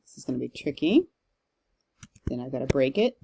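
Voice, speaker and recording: A woman's voice: rumbling low, very animated, brisk, creaky, pauses often, dark tone, husky. A woman teacher giving a recorded lecture, explaining step by step with some fillers and reading verse aloud with strong stress. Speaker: literature teacher.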